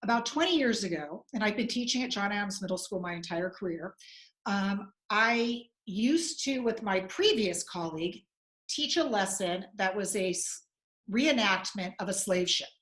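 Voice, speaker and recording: A woman in her forties, a teacher hosting a community discussion, who talks in a halting way with many restarts. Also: medium pitch, expressive, a bit bright, low-quality recording. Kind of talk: casual panel talk.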